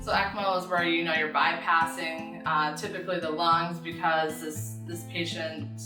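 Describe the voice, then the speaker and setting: A woman's voice: lowish voice, level tone, normal speed. A woman hospital staff member speaking earnestly in an interview and listing what the work involves. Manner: earnest, listing things in runs. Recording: roomy, distant mic, clear music bed.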